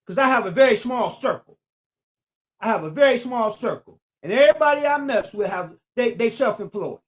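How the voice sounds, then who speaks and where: A man's voice: very high-pitched, lively intonation, fairly quick. A man hosting a casual live stream, repeating his points with preacher-like emphasis and greeting viewers by name. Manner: talks straight at viewers and greets them by name.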